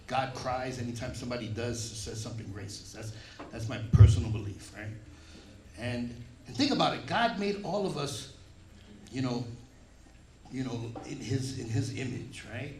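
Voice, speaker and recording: Speaking at a moderate pace with an expressive, mid-range voice, a middle-aged man does stand-up at a comedy club, trading in brash, profane punchlines. He is Puerto Rican, grew up in the Bronx, New York, and has a New York accent. The recording is echoey, with crowd noise and laughter from the audience.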